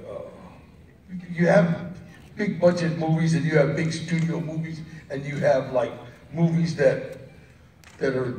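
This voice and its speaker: A man's voice: medium pitch, darkish tone. A man interviewed at a movie premiere, telling stories casually, often laughing and acting out the voices of people he quotes. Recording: roomy, distant mic with crowd noise.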